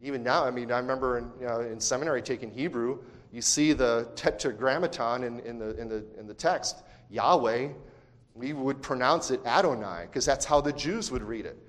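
Emphatic pastor in a reverberant church. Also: male voice, mid-range voice, brisk. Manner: emphatic, swings from quiet to shouting; conversational asides and restarts. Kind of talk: sermon. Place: church sanctuary. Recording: long church hall reverb.

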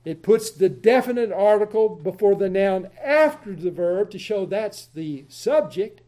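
A man teaching a Bible study lesson, explaining deliberately and repeating key points for emphasis. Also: high-pitched, lively intonation, mellow.

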